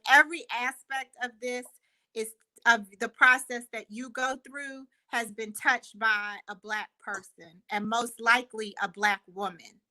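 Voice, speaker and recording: A woman with a bright, clear and fairly high voice, talking earnestly over a video call. She is thoughtful and often restarts her sentences as she works through an idea. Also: rough recording. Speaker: guest, company co-founder. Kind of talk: casual video chat interview.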